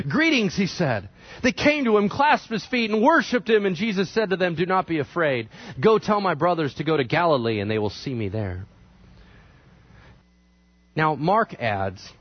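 A man delivers a sermon, retelling a scripture story with an animated, conversational energy. His pitch swings widely and sits slightly high for a man. The recording is dry and somewhat dull, with no room echo. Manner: animated, acts out characters in quick asides. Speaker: pastor.

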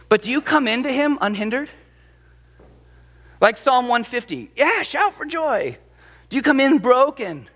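A man's voice: high voice, fairly bright tone. A man preaching a sermon as pastor, emphatic and dramatic, acting out the quotes he cites. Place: church sanctuary. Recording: long reverb of a large hall.

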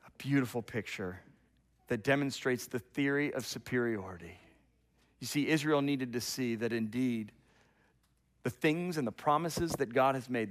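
Speaking at normal speed with a medium pitch, a middle-aged man preaches as pastor. His storytelling is animated, rising loud and quieting to a hush, and he often repeats words at the start of a thought.

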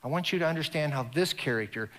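A man preaching a sermon in an animated way, acting out the people he quotes. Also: fairly high pitch, fast. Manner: animated, acts out quoted voices, laughs. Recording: long hall reverb.

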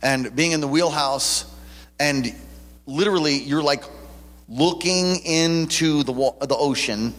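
A man's voice: fairly high pitch, unhurried, a bit bright. A man preaching a sermon with personal testimony. His conversational storytelling swells into fervent preaching. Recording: long reverb of a large hall.

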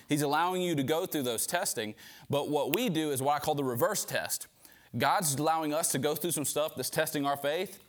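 A man preaching an informal sermon to a men's group in a conversational way, often repeating words, then leading a prayer. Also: a little high.

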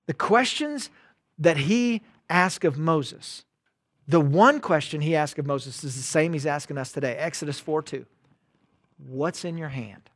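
Pastor, male, high voice, dry close sound, casual preaching with loud-soft swings. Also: expressive, a little slow, no echo. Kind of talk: sermon.

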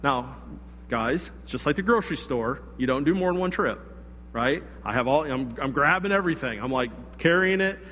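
A man preaching a sermon, telling a personal story in a conversational, animated way with asides to the congregation. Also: mid-range voice, normal speed, long reverb tail, a little hiss or hum. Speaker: pastor.

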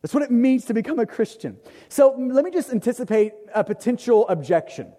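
A man preaching a sermon as pastor, earnest, repeating key phrases and slowing down to quote scripture. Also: very high-pitched, sing-song, dark tone, big-room sound.

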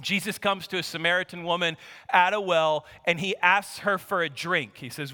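A pastor preaching a sermon with animated delivery, acting out the lines of Bible characters as he tells the story. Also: high-pitched, normal speed. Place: church sanctuary. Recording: long hall reverb.

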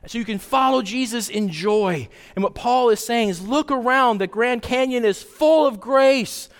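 A man preaching a sermon as pastor, conversational and animated, with sudden jumps in pitch. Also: normal speed, clean tone. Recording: long hall reverb.

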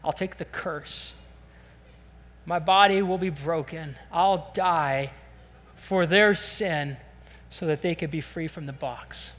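A man preaching a sermon at a church service, earnest and animated, acting out prayers in the first person. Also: on the high side, slow pace, big-room sound. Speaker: pastor.

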